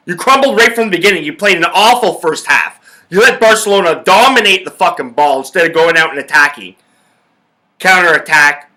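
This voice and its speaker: Bright, swearing young sports podcaster. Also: male voice, fairly high pitch. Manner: profane, ranting, fired up. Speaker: podcast host. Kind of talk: casual sports talk.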